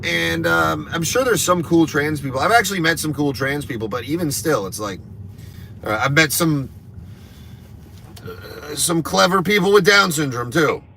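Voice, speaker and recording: A man, a comedian, ranting in a crude, rambling, deliberately provocative way on a live stream from a moving car. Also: fairly high pitch, animated, gravelly, sharp tone, slight background noise. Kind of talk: provocative live stream rant while driving.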